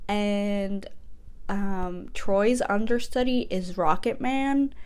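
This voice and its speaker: A woman podcast host giving a casual, rambling comedic recap, animated and full of fillers. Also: mid-range voice, slow, smooth.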